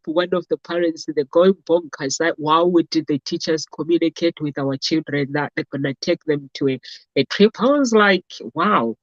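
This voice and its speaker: A woman's voice: low-pitched, no room sound. A woman from Africa hosting a casual talk show, telling stories in a rambling way with many fillers. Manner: rambling, storytelling, frequent "basically" and "uh". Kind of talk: casual chat. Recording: dull lo-fi dry sound.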